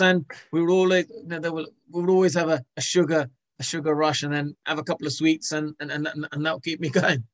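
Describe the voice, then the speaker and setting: A man being interviewed as a guest, talking in a halting way with many restarts and repeated words. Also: on the high side, flat delivery. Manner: hesitant, repeats words often. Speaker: guest, former cricketer. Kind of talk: casual interview.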